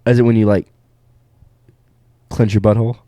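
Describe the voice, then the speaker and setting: A young man co-hosting a podcast, telling a crude story in a deadpan, casual way, with his voice jumping up when he quotes himself. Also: fairly low pitch, normal speed, no echo. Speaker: podcast co-host.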